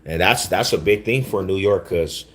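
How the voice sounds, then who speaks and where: A man's voice: low-pitched, moderate pace, a little hiss or hum. A man hosting a casual livestream, talking back to his chat in laid-back, slangy street talk, often repeating himself. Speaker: livestream host.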